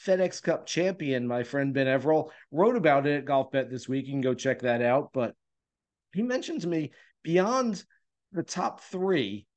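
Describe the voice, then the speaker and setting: A man's voice: a little high, animated, normal speed, a little mellow. A man hosting a golf betting podcast, talking through his picks in an easygoing, conversational way with frequent "uh" fillers. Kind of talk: casual podcast talk giving betting picks.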